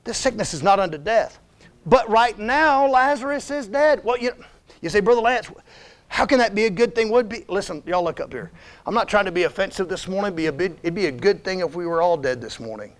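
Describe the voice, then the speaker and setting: Man, high voice, emphatic conversational church sermon from a visiting missionary preacher. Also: animated, fairly quick. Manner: emphatic, conversational, keeps urging "listen" and "come on now". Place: church sanctuary.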